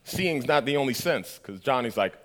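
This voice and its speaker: A man's voice: medium pitch, lively intonation, unhurried, a bit bright. A man preaching a sermon, telling a story with acted-out dialogue and asking the audience questions.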